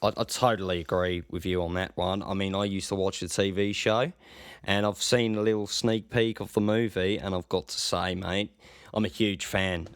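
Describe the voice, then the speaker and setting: A man's voice: deep voice, flat delivery, moderate pace, clean tone, dry recording, studio quality, lightly acted. A man playing a fawning, bumbling Australian radio host in a comedy radio sketch, gushing over his guest and calling him mate. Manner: gushing and sycophantic, says mate often.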